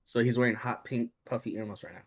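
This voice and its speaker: A man playing in a tabletop game, chatting casually with quick reactions. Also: medium pitch, slightly rough. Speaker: player.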